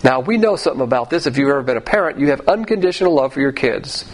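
A man's voice: medium pitch, expressive, fast talker, low-quality recording. A middle-aged man teaching a sermon on a Bible passage, explaining in an emphatic, lecturing way with frequent asides.

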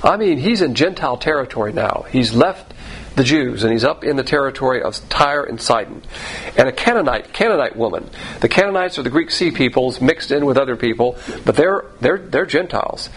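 A man's voice: mid-range voice, lively intonation, fairly quick, breathy edge, low-quality recording. Man teaching Bible verses, chatty. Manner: conversational, repeats phrases, restarts sentences.

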